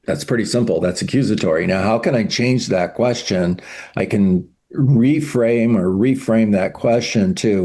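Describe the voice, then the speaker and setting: A man's voice: lowish voice, a little slow, mellow. A man coaching a group on sales conversations, teaching from his notes in an instructive way. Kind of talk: coaching session talk.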